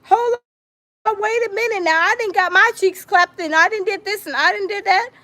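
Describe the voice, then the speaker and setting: Lady doing a whiny crybaby man, fake sobbing, begging, high-pitched. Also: moderate pace, sharp tone, no room sound, clean studio sound. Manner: mock crying, pleading. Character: whiny grown man sobbing for more money.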